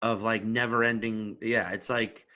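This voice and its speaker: Guy cohosting a comedy podcast, bright sharp voice, quick jokes, casual chat. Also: on the low side, level tone. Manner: quick, joking reactions.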